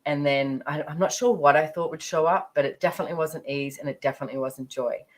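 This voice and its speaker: A woman's voice: low-pitched, fast, low-quality recording. A middle-aged woman casually telling a personal story about money, chatty and rambling with lots of fillers. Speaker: speaker sharing her money journey.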